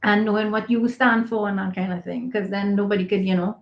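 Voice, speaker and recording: A woman's voice: mid-range voice, flat delivery, a little fast. A woman who co-hosts a podcast and once worked as a school counselor, giving candid advice and repeating her points for emphasis. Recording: echoey, slightly dull remote audio.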